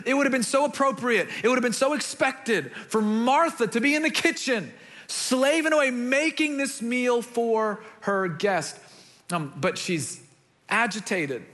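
A young man preaching a sermon, telling stories in an animated way and repeating words as he builds a point. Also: very high-pitched, measured pace. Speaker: pastor.

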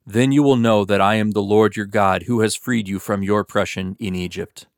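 A man reading the words of a solemn, almighty god in a measured, authoritative manner. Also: fairly low pitch, fairly even intonation, no echo, studio quality, lightly acted.

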